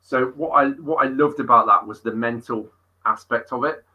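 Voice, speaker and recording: A middle-aged man, a fitness coach being interviewed, telling stories in an animated way and swearing freely. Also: mid-range voice, normal speed, muffled recording. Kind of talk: casual interview storytelling.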